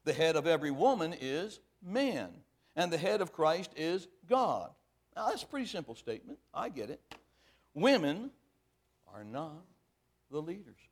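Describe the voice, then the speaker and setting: A man preaching a sermon, reading scripture aloud and pressing each point hard, then dropping to quiet asides. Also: a little high, sing-song, moderate pace, slightly rough.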